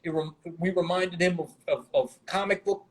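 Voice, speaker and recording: Brooklyn-raised man, slightly high voice, loose and profane, spinning stories as an interview guest. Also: normal speed, breathy edge, poor audio. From Brooklyn, New York. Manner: rambling, heavy swearing, laid-back street slang. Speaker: guest rapper. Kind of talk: casual interview storytelling.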